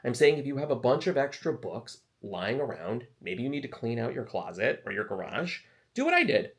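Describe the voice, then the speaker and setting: A man's voice: medium pitch, sing-song, normal speed. A man talking casually to camera as an author giving advice, chatty and self-deprecating, wandering into asides. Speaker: author and video host.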